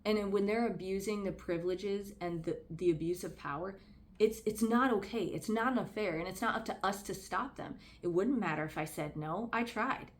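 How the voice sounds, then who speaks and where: A woman's voice: medium pitch, normal speed. Vlogger, woman, mid-range voice; candid, earnest, conversational delivery. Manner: candid and conversational, heavy use of "like"; earnest, speaks out about personal experience. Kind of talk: casual commentary to camera.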